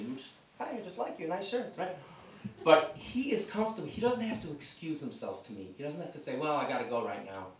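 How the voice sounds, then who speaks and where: A man giving an animated lecture to parents at a community seminar, acting out little scenes as he speaks. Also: fairly high pitch, a little hiss or hum. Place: community hall. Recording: echoey hall, mic from far off.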